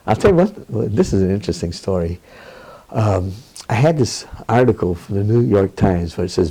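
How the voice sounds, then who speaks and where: An older man with a low, gravelly and slightly husky voice, speaking candidly in an interview. He tells his stories with animation, often breaking into laughter and acting out what others said. His tone is dark and mellow. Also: lively intonation, moderate pace, rough recording.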